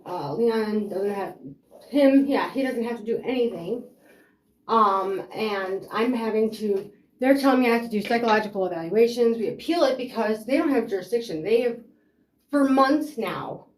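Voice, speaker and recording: Recounting her personal custody battle, a woman speaks in a voice on the high side with a slightly mellow quality. She rambles, sounds frustrated, and uses many fillers, all captured with a roomy echo.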